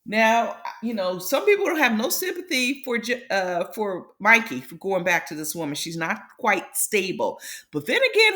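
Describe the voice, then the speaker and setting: A woman's voice: mid-range voice, pushed and bright. A woman hosting a casual commentary show, retelling reality TV drama in a chatty storytelling way and calling her viewers "my loves".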